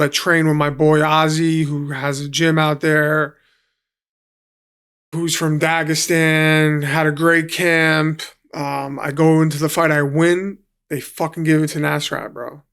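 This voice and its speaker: Gravelly New man telling stories. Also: fairly high pitch, fairly bright tone. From New York City. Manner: swears freely, acts out quotes. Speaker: guest, professional fighter. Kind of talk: casual storytelling.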